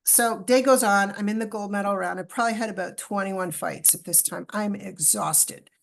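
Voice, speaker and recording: Female guest, middle-aged, gravelly texture, animated storyteller. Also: mid-range voice, moderate pace. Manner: animated storyteller, acts out dialogue. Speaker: podcast guest. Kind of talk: storytelling in a podcast interview.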